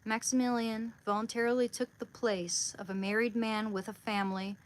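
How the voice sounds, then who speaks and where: A woman on a casual livestream who reads aloud and prays, soft-spoken and halting, near tears. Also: fairly high pitch, level tone. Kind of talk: casual livestream chat and prayer reading. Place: small room at home.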